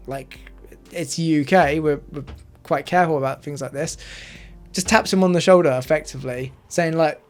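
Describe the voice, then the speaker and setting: A man telling a personal story in a casual, rambling way, full of fillers. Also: sits high.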